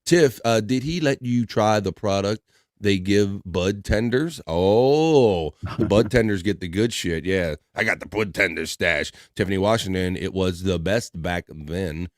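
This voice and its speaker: A man's voice: sits low, a little slow, no echo, clean studio sound. A man hosting a live stream in a rambling, laid-back way, chatting casually and chuckling as he goes. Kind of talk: casual chat.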